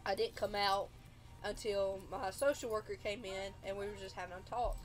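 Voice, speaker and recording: A woman's voice: medium pitch, steady tone, moderate pace. A young woman hosting a livestream, telling a personal story in a rambling, casual way and acting out the dialogue. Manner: rambling, acts out quoted dialogue. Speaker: livestream host.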